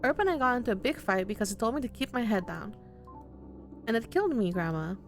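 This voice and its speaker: A woman's voice: on the high side, lively intonation, fast, soft background music, lightly acted. A woman voicing an earnest, worried young man in a visual novel. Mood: upset. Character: earnest, anxious young man in his twenties.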